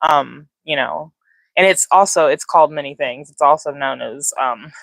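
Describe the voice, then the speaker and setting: A woman's voice: deep voice, moderate pace, creaky, a bit bright, no room sound. A woman hosting a casual livestream from her phone, rambling with lots of fillers and greeting viewers by name. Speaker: livestream host. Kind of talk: casual live chat.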